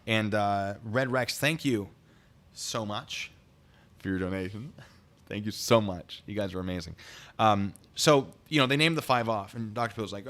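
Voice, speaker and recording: A man telling a story on a live stream, excitable and rambling. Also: on the low side, normal speed.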